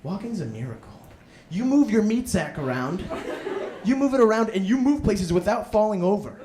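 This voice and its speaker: A young man, a student, doing a self-deprecating stand-up comedy set and jumping into excited inner voices, in front of a laughing audience. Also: sits high, normal speed. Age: young adult. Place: live comedy room with audience. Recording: echoey room with background noise.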